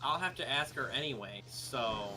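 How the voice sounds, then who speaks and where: A man's voice: medium pitch, expressive, moderate pace, sharp tone, soft background music. A man chatting casually on a livestream, easygoing and joking, sometimes trailing off mid-sentence.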